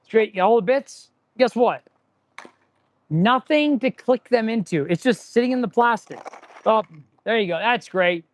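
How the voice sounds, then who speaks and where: A high, expressive male voice at a moderate pace belongs to an auto mechanic and channel host streaming casually from inside his repair shop. Sarcastic and rambling, he rants, restarts sentences frequently, and talks with his hands on tools.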